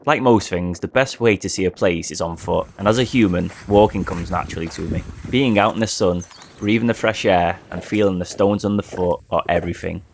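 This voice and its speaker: Relaxed man chatting on a hike. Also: sits low, brisk, gravelly, a little hiss or hum. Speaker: hiking vlogger. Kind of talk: travel vlog narration and walking talk. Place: outdoors on a coastal hike.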